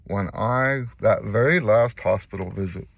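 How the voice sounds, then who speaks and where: A man's voice: fairly low pitch, measured pace, vocal fry, no echo, highs cut off. An older man, talking in a casual personal vlog and speaking earnestly, repeating phrases for emphasis. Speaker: vlogger and musician. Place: in a car.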